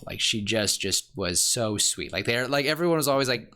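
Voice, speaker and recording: Give me a man with a lowish voice co-hosting a casual podcast. He rambles excitedly, gushing over an idea and tumbling from one thought to the next. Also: fairly quick. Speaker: podcast co-host. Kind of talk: casual chat.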